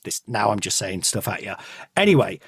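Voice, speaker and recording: A man hosting a podcast, retelling a story in casual comic chat with rambling, animated asides. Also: fairly low pitch, a little fast, vocal fry, slightly rough, no room sound, studio quality. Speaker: podcast host.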